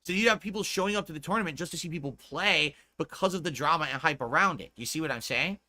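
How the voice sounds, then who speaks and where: Man, streamer clip, casual rambling, swears freely, fairly high voice, very bright tone. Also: fast. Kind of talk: casual storytelling.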